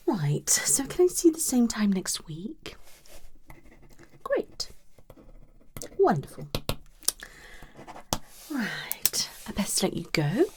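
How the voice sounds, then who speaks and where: A woman voicing a blunt, flirty, unprofessional psychologist in a soft whispered role-play. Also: mid-range voice. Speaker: ASMR creator.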